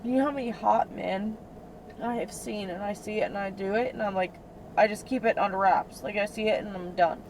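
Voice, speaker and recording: A woman's voice: medium pitch, fairly quick, a little mellow, poor audio. Heated, profane young woman venting in a car. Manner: heated, profane, filler-heavy talk. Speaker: rideshare passenger. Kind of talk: casual venting chat. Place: inside a moving car. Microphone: in-car cabin camera. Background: faint vehicle road noise.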